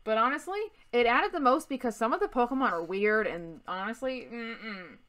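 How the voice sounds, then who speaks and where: A woman's voice: a little high, animated, moderate pace, a bit bright. A young woman co-hosting a casual vlog, teasing and giggling as she chats. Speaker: co-host, the host's wife. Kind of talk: casual chat.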